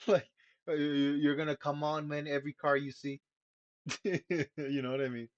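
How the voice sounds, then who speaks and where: A man's voice: on the high side, little pitch movement, measured pace, long pauses, dry recording. A man giving casual live commentary while streaming a game, laid-back and profane, sighing often. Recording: dull lo-fi stream mic.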